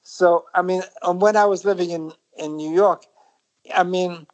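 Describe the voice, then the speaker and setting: A middle-aged man from Britain, a guest musician in a casual interview, talking in a reflective, rambling way with many halting restarts. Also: high-pitched, fairly even intonation, poor audio.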